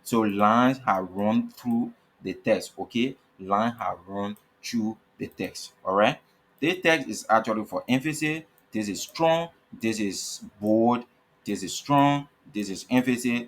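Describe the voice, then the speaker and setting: A man's voice: on the low side, slow. A man teaching a coding lesson over his screen. He spells out tag names letter by letter, repeats himself and keeps asking "okay?". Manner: repetitive, checks in with frequent "okay?". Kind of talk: screen-recorded coding tutorial.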